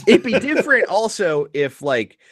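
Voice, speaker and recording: Lively-pitched man in dry podcast chat. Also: normal speed, no echo. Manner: chatty, swears freely, lots of restarts. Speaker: podcast co-host. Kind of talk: casual chat.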